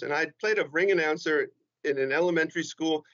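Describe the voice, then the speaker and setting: A chatty man spins comic stories and acts out the people in them. His voice sits a little high, and the audio is dull and lo-fi. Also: brisk. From New Jersey. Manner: animated, joking, acts out quoted voices. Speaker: guest comedian. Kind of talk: storytelling interview talk.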